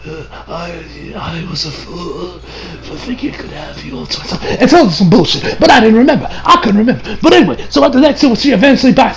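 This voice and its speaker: A young man excitedly recapping an anime episode, rambling, swearing, and laughing often. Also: very high voice, gravelly, rough recording. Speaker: anime reviewer.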